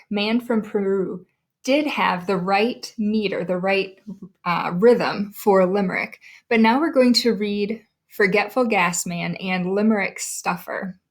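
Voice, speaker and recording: A woman teacher giving a recorded lesson, speaking clearly and deliberately as she sounds out names and syllables for her students. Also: medium pitch.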